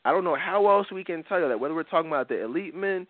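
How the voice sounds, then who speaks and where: A man's voice: on the high side, expressive, racing, no room sound. A man hosting a talk radio show, talking in an earnest, emphatic way and repeating words as he builds his point. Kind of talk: casual talk radio chat. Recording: tinny phone-like dry sound.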